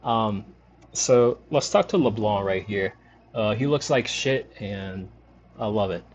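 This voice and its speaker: A man from the New Orleans area giving rambling, relaxed commentary while streaming a game. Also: on the low side, takes it slowly, slight background noise. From New Orleans area, Louisiana. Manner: rambling, lots of fillers, relaxed. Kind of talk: casual commentary over gameplay.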